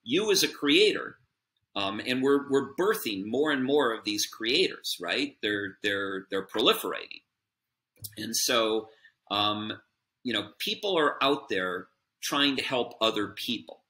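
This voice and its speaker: A man's voice: mid-range voice, animated, measured pace, bright, forceful tone. A man speaking as a podcast guest, explaining his views earnestly in a conversational way, with frequent fillers and a habitual "right?" at the end of points. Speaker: podcast guest, business chairman. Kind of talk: conversational interview answer.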